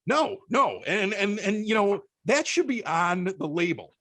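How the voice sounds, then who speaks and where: A man with a Chicago accent, a podcast guest telling stories in casual chat, animated and often stammering through restarts. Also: sits high, a little slow, no room sound. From Chicago, United States.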